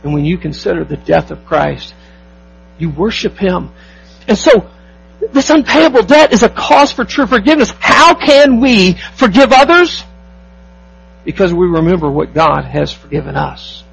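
A man preaching a sermon as pastor, emphatic, asking the congregation rhetorical questions and slowing down to stress key phrases. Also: high voice, sing-song, gravelly, fairly bright tone, slight background noise, poor audio.

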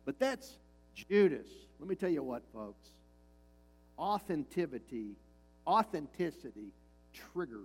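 A man's voice: fairly high pitch, vocal fry, slightly rough, poor audio. A male pastor preaching a sermon, emphatic and repeating his key lines, with frequent rhetorical questions to the congregation.

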